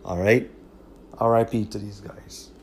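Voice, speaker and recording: A man's voice: fairly low pitch, flat delivery, a little slow. A man hosting his own podcast, talking in a blunt, profane, repetitive way. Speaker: podcast host. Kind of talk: casual monologue.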